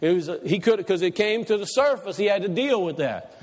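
A man's voice: high voice, sing-song, fairly quick. A man preaching a sermon to a congregation, asking them questions, with folksy Southern turns of phrase. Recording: long hall reverb.

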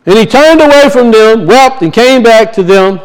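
A man's voice: very high voice, lively intonation, moderate pace, smooth, poor audio. A man preaching a sermon, emphatic and repetitive, firing off rhetorical questions to his congregation.

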